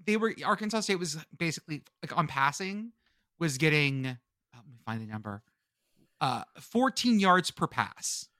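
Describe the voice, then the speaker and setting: Male podcast co-host, slightly high, bright and forceful, jokey and stumbling. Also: big pitch swings, normal speed, no echo, studio quality. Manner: jokey, riffing, stumbles over words. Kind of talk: casual sports chat.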